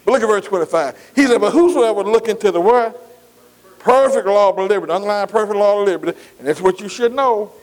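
High-voiced folksy preaching man. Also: fast. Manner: folksy call-and-response preaching, frequent "amen". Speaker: pastor. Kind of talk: sermon.

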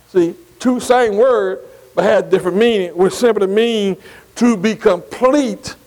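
A high-pitched man with a darkish tone leads a Bible study class at a slightly slow pace, spelling out Greek words letter by letter. He keeps asking the group to follow along, dropping "see" between phrases, and his voice rings with a long, lingering reverb.

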